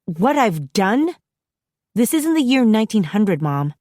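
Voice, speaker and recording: A woman narrator voicing an upset, defiant teenage girl who pleads in a raised, higher voice. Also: very animated, a little slow, a little mellow, no room sound, clean studio sound. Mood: pleading.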